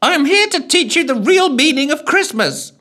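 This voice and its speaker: A shrieking, pompous ghost of Christmas past. The voice is pitched way up and strained, blaring each line too loud. It speaks, and its bluster keeps slipping for a comic storybook. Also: male voice, expressive, moderate pace, heavily acted. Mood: bellowing. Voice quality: shrill bellowing. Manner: pompous, loses confidence, then snaps.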